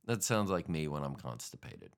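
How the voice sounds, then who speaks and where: A man's voice: very deep voice, sing-song, moderate pace, vocal fry. A man hosting a podcast, rambling casually on his own in a jokey, profane way. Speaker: podcast host. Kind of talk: casual solo podcast monologue.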